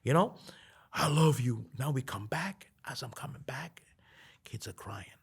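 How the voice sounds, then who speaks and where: A man with a raspy, gravelly voice spins a story as a podcast guest. His pitch swings widely, and he laughs and whispers through the quoted lines. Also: expressive, a little slow. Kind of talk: animated storytelling.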